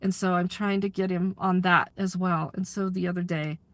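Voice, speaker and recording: A woman's voice: lowish voice, fairly even intonation, moderate pace, no echo. A woman chatting candidly to her live audience, laughing often and swearing freely. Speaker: livestreamer and community aid organizer. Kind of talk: casual chat to a live audience.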